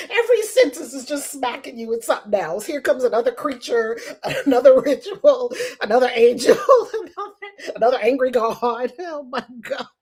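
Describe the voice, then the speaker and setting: A woman's voice: high-pitched, husky. A woman hosting casual commentary on scripture, laughing often and sounding incredulous. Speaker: host.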